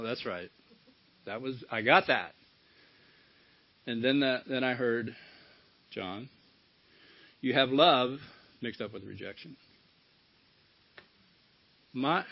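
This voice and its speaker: Gravelly middle-aged guy sharing at a recovery meeting, candid and salty, muffled lo-fi tape. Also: mid-range voice, no room sound. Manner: candid, storytelling, swears casually. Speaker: recovery speaker. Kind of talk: personal share at a recovery meeting. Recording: dull lo-fi talk recording.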